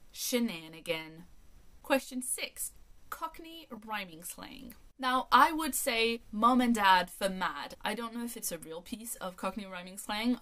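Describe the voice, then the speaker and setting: A woman's voice: mid-range voice, fairly bright tone. A woman in her thirties from France, her first language French, reading out tag questions and answering them in a chatty, enthusiastic way. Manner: chatty and enthusiastic, reads each question aloud. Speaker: book vlogger. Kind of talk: casual tag video answers.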